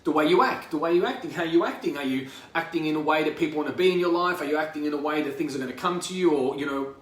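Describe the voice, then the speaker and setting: A man's voice: on the high side, rapid-fire. An Australian man giving a rambling, profane motivational talk as a life coach. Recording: roomy echo from a distance.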